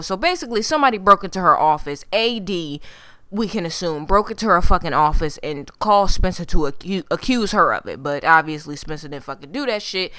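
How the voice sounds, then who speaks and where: Speaking straight to her viewers as "y'all," a TV recap vlogger gives a sassy, animated rundown of an episode, swearing heavily and chatting with fillers. Her voice is on the low side and brisk, with no echo.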